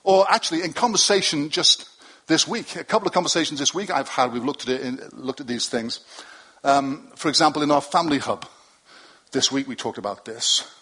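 A man's voice: fairly high pitch, fairly quick, bright, forceful tone, breathy edge. A middle-aged male pastor preaching to his congregation in a loose, conversational way, with asides and self-deprecating jokes. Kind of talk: sermon. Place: church hall with a congregation.

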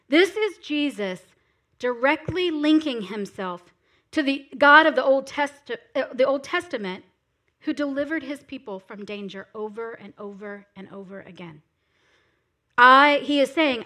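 A woman's voice: on the high side, normal speed, a bit bright. A woman preaching a sermon, earnestly reading scripture aloud and stressing key words.

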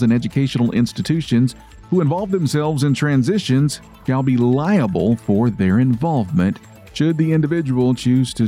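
Male radio newsreader, mellow tone, steady, measured, faint music behind. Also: mid-range voice. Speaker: radio news co-host. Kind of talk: read news segment.

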